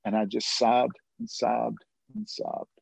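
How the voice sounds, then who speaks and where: A man's voice: mid-range voice, sing-song, takes it slowly, vocal fry, darkish tone, slightly rough, no room sound, poor audio. A man giving a personal faith testimony, telling his story earnestly with occasional laughs and asides.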